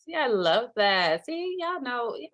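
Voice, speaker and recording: A woman's voice: on the high side, big pitch swings, measured pace, a bit bright. A woman presenting a workshop over a video call, chatty and enthusiastic, with many fillers and asides. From Minnesota. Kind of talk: casual virtual workshop talk.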